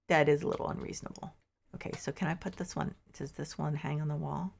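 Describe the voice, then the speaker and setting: A woman streamer with a low, gravelly voice chats casually with her viewers as she plays. She thinks aloud and drops mildly exasperated asides. She sounds a little sleepy. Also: fairly even intonation, fairly quick, a little mellow. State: sleepy, yawning. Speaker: game streamer. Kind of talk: casual gameplay commentary.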